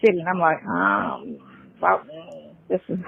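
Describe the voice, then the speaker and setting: A woman's voice: sits low, sing-song, measured pace, vocal fry, breathy edge, no echo. A woman talking on a phone call, rambling and hesitant with many fillers. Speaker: caller in a played live call. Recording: tinny phone line.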